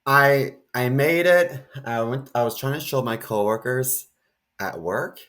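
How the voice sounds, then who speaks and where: A man's voice: mid-range voice, measured pace. A man co-hosting a podcast in casual chat, telling jokey stories. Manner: animated, jokey storyteller. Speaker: podcast co-host.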